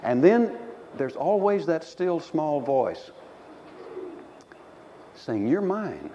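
A man preaching a sermon, telling the story with lively, animated delivery and acting out the voices. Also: fairly high pitch, extremely slow, a little hiss or hum. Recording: dull sound in a reverberant hall.

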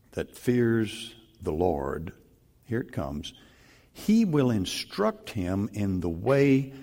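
An older male pastor delivers a sermon at an unhurried, deliberate pace. His voice sits fairly low, and he leans hard on key words with sudden bursts of volume before easing back down. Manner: slow, emphatic preaching with sudden loud stresses.

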